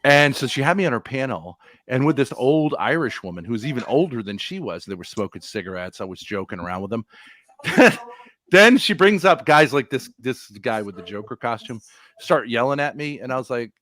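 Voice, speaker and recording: A man's voice: medium pitch, big pitch swings, brisk, a bit bright. A middle-aged man in crude, mocking casual chat on a live stream, telling stories bluntly. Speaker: stream guest.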